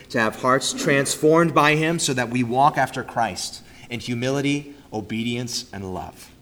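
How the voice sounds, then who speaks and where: A man preaching a sermon in a church, stressing key phrases loudly, then dropping to quiet, low line endings. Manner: emphatic, swings from loud stresses to soft, low trailing endings. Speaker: pastor. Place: church sanctuary.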